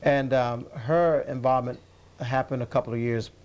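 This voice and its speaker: A man guest in an interview, recalling his past calmly with many pauses and fillers. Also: medium pitch. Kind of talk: conversational interview.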